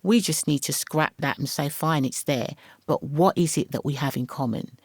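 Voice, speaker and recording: A middle-aged English woman, a podcast guest, talking in a lively, storytelling way and acting out the voices she quotes. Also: sits low, normal speed, slightly rough, dry recording. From England. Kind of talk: casual interview chat.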